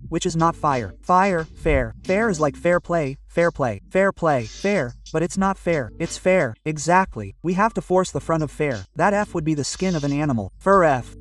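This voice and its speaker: Slightly high-voiced and a little distant, a man teaches English pronunciation phrase by phrase, drilling each one through constant repetition.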